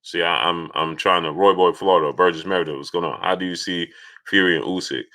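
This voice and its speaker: A low-voiced man talks fast while hosting a casual live stream, reading out viewers' names and greeting each one in a steady flow. His tone is bright and forceful, turning loud and insistent when he makes a point.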